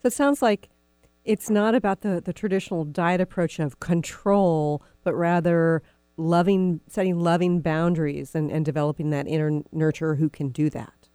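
Interviewer summing up, mellow, middle pitch, dry distant phone sound. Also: steady tone, moderate pace, smooth, no room sound. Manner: affirming, summarizing.

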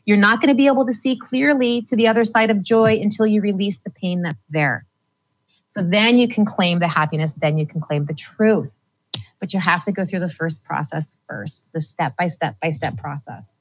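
A woman coaching listeners step by step through feeling and releasing emotions, speaking calmly and directly to them. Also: medium pitch, moderate pace, rough recording. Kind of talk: guided emotional-release talk.

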